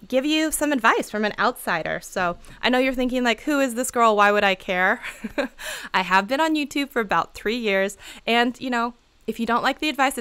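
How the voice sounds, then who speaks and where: Woman, chatty livestream host, bubbly, laughs a lot, smooth clear voice. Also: on the high side, a bit bright. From Seattle area. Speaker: YouTube creator giving channel advice on a livestream. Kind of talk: casual livestream chat.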